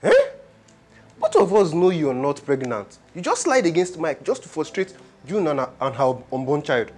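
A man's voice: fairly high pitch, very animated, normal speed, a little mellow. A man playing a friend who sternly scolds a scheming young woman. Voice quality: stern, reproachful. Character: blunt male friend scolding a liar. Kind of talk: amateur drama acting.

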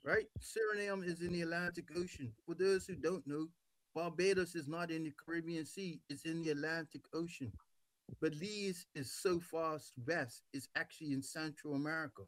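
A man's voice: fairly high pitch, normal speed. A man from Bermuda hosting an interview show, talking emphatically and persuasively with rhetorical questions. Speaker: host.

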